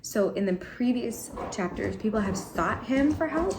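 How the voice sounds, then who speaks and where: A woman's voice: a little high, lively intonation, a little slow. A woman talking casually about a book she is reading, rambling with ums and laughter, at home. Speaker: book vlogger. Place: home with cats and laundry running. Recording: echoey home room with faint noise.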